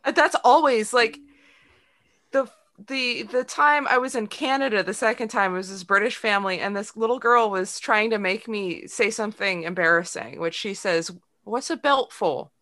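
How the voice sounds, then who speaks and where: Bright-voiced woman chatting casually. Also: medium pitch, normal speed. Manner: laughs often, animated storytelling. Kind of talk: casual chat.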